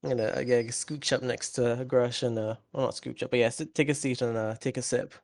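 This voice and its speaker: A player in a tabletop game who talks in a hesitant, halting way. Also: mid-range voice, fairly even intonation, a little mellow, no echo. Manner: hesitant, halting, restarts often.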